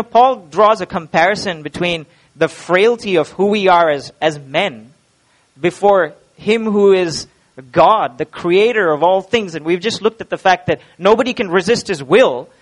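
A man's voice: high voice, a bit bright, low-quality recording. A male preacher, delivering a sermon emphatically, with rhetorical questions and repeated words.

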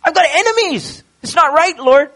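A man voicing an anguished king who cries out to God in high, strained pleas. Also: expressive, normal speed, pushed and bright, exaggerated voice. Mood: aggrieved pleading.

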